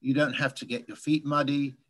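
A man from England whose English accent has softened over years in the US, a guest speaker telling relaxed, chatty stories in a Q&A over a video call. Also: mid-range voice, fairly quick. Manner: relaxed, chatty storytelling with light laughs. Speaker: guest speaker, birding tour leader. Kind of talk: casual Q&A after a talk.

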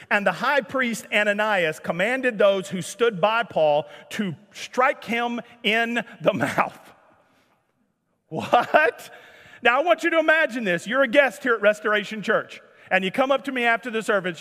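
A man preaching a sermon as pastor, animated and jokey, acting out the scripture scenes. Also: high voice, long reverb tail. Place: church sanctuary.

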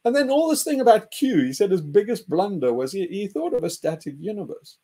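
A man hosting an animated group discussion, excitable and mocking, often laughing and jumping in pitch to act out quotes. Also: fairly quick, husky. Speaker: host.

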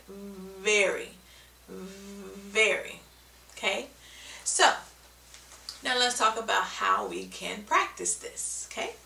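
A woman's voice: mid-range voice, vocal fry, sharp tone, roomy sound, far from the mic, a little hiss or hum, low-quality recording. A woman giving a patient, step-by-step video lesson on speech sounds, often checking in with "okay?". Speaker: speech therapy teacher.

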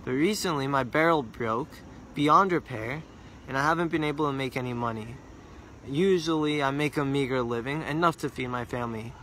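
A man voicing a poor, desperate male water carrier who pleads with rising pitch. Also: normal speed, a bit bright, a little hiss or hum, close to an everyday voice. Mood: pleading.

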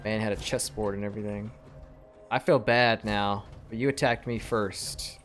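A man's voice: on the low side, fairly even intonation, normal speed, fairly bright tone, faint music behind. A man giving casual, musing commentary while playing a game, with a laid-back manner. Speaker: gamer.

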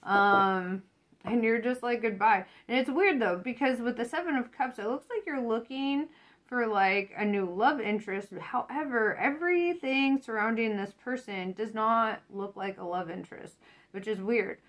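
A woman's voice: a little high, moderate pace, fairly bright tone. A woman doing a casual tarot reading, swearing a lot, laughing often and getting fired up. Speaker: tarot reader.

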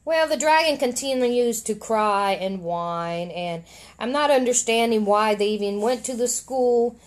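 A woman's voice: fairly high pitch, expressive, measured pace. Meandering middle-aged woman reading aloud. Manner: meandering, hesitant, many fillers. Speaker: podcast guest reader. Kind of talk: casual storybook reading on a podcast.

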